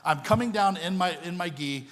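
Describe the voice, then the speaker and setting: A man with a somewhat high voice preaches to a congregation as a visiting missionary pastor. He tells his story in an animated, joking way, and his voice rings with the long reverb of a church hall. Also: moderate pace. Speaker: missionary pastor, guest speaker. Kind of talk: storytelling sermon. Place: church sanctuary.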